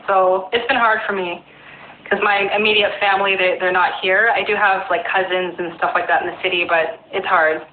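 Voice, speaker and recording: A woman's voice: mid-range voice, steady tone, brisk. A woman hosting a casual chat, giving supportive replies and short personal stories. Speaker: host. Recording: echoey room over a tinny phone line with faint noise.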